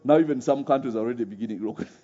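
A man's voice: medium pitch, racing, dark tone, breathy edge. A man preaching a sermon, often laughing and firing rhetorical questions at his audience. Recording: muffled recording with faint music.

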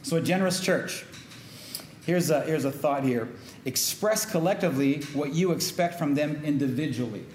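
A man's voice: fairly high pitch, moderate pace, darkish tone, a little hiss or hum. A middle-aged man preaching a sermon as pastor, talking in a loose conversational way and calling out to the congregation for responses. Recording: echoey room with faint ambience.

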